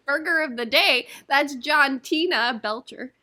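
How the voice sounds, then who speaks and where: A woman's voice: sits high, takes it slowly, bright, forceful tone. A woman co-hosting a casual podcast, giggly and teasing with her friends. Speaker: podcast co-host. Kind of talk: casual chat.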